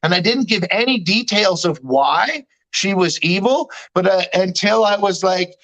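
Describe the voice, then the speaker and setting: A man's voice: high-pitched, lively intonation, a little slow, a bit bright, poor audio. A man, talking candidly in a casual chat, slangy and swearing freely. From Canada. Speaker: guest. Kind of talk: casual chat recounting a dream.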